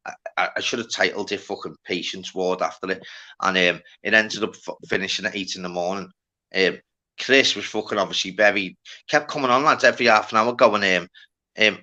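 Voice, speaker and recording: A man's voice: on the low side, fairly quick, sharp tone. A man with a Liverpool accent hosting a live panel, telling rambling, sweary stories with lots of fillers. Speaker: livestream host. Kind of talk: casual panel chat.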